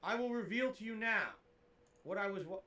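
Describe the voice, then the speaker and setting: A man's voice: sits high, moderate pace, bright, forceful tone, echoey room. A man livestreaming and reading out tips in a goofy, over-the-top, theatrical manner. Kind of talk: livestream chat.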